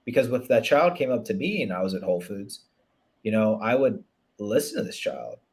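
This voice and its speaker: A man's voice: on the low side, big pitch swings, fairly quick, a little mellow. A man speaking as a relationship coach in a casual interview, earnest and reflective, often restarting and adding "you know". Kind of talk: conversational interview.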